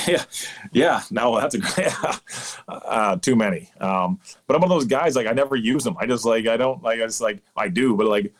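A man in his thirties from Canada, a guest umpire chatting casually and telling rambling, animated stories. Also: medium pitch, moderate pace. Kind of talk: casual interview chat.

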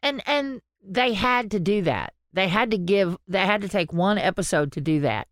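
A woman's voice: medium pitch, moderate pace, dry recording, studio quality. A woman podcast co-host, chatting casually and acting out the voices of people in her stories. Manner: animated storytelling, acting out quotes.

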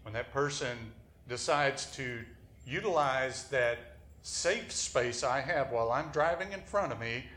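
Male preacher, slow deliberate sermon, earnest, roomy echo. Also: mid-range voice, a bit bright.

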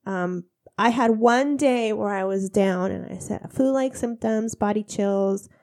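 A woman's voice: medium pitch, a little slow, darkish tone. A woman in her thirties, congested, telling stories in a casual chat with frequent laughter. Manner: chatty, laughing storyteller.

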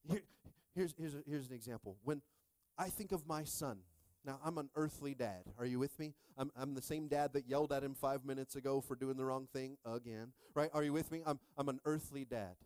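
A middle-aged man preaching a sermon with lively energy, often checking in with the congregation. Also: mid-range voice, a little fast, few pauses, dry recording. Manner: energetic, repeatedly asking "are you with me?". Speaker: pastor.

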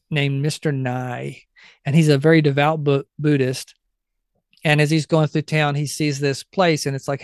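A man's voice: a little high, dry recording, clean studio sound. A man telling a missionary story in an earnest, heartfelt way, acting out quoted lines. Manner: earnest, heartfelt, retells stories with voiced quotes. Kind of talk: conversational storytelling.

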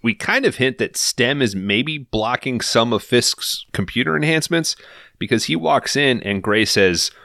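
A man on a podcast recapping a film in casual, profane, animated storytelling, acting out the characters' lines as he goes. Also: mid-range voice, measured pace, creaky, no echo, clean studio sound.

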